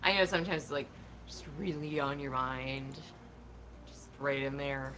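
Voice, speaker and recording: A woman voicing a cool, tough young female troll in a game, with a low-key, offhand drawl. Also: unhurried, background noise. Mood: gentle. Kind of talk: reading game dialogue aloud.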